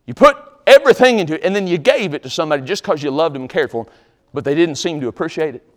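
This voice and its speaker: A man preaching in a church sanctuary with a high, very animated voice that swoops up for scripture. He recites passages in a loud, ringing way, then drops into folksy asides and a gentle altar call. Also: rapid-fire. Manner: folksy, conversational asides to the congregation.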